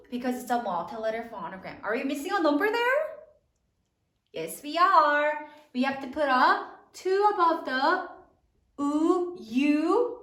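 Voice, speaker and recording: Slow sing-song woman teaching spelling. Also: fairly high pitch, fairly bright tone, roomy sound. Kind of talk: spelling lesson for third graders.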